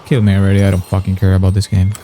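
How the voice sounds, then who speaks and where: A man's voice: deep voice, monotone, racing, dark tone, a little hiss or hum. A young man giving frustrated, sarcastic gameplay commentary, swearing often. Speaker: gaming YouTuber.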